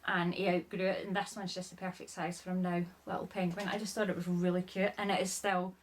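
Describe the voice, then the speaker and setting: A woman's voice: fairly low pitch, little pitch movement, a little fast, a little hiss or hum. A chatty woman talks through her thrifted finds in a loose, rambling way. She sounds a bit out of breath and keeps apologizing as she goes, peppering every sentence with "like". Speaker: haul vlogger. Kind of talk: casual chat showing items.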